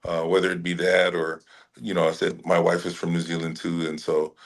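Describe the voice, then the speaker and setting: Deep-voiced middle-aged guy from hawaii, laid back interview chat, laughs a lot, restarts sentences. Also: fairly quick. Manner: relaxed, laughs often, frequent restarts. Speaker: actor guest.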